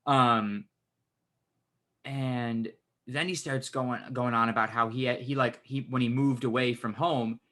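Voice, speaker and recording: Give me a bright, sharp-voiced man retelling a story on a podcast, swearing freely. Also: medium pitch, a little slow. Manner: swears a lot, animated retelling. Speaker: podcast co-host. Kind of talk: casual storytelling chat.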